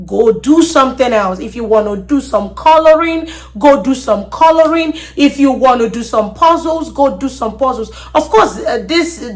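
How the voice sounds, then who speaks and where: An earnest woman with a slightly high voice hosts a talk on parenting advice. She repeats words as she thinks and often stops to check in with a quick "okay?". Her delivery is steady and instructive. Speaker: podcast host.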